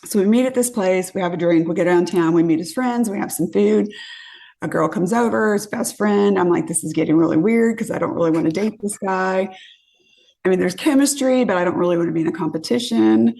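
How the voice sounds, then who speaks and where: A woman from California telling a story on a podcast in a casual, animated way, acting out what people said and swearing when she relives the moment. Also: mid-range voice, a little fast, vocal fry. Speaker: guest storyteller.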